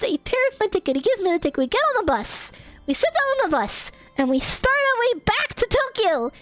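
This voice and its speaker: Very high-pitched, giggly woman. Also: fairly bright tone. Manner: giggly, exasperated, swears casually. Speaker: streamer. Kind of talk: animated storytelling rant. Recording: faint music behind.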